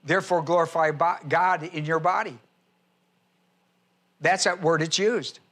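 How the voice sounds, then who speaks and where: A man delivers a teaching sermon, listing scripture references and spelling out words for his listeners. His voice sits high and carries a bright, forceful edge. He slows down to repeat the key points. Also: fairly even intonation. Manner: repeats key phrases slowly for emphasis. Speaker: preacher.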